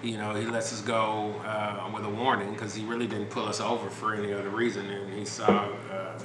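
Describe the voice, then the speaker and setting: A man hosting a podcast, telling a story in a relaxed, rambling way with lots of fillers and restarts. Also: lowish voice, fairly quick, a loud crowd. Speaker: podcast host. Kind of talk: casual storytelling chat. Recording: roomy with background noise.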